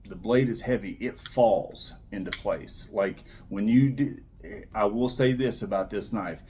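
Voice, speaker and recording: Man, lowish voice, casual knife-review host, excited and repetitive, faint hiss behind. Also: measured pace. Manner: enthusiastic, repeats himself, trails off softly.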